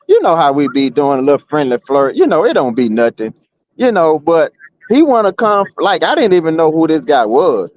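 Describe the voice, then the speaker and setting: A man in a casual streamed argument, rambling and restarting, blunt and full of street talk. His voice sits a little high, and the sound is muffled and lo-fi. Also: a little mellow, no echo. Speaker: guest.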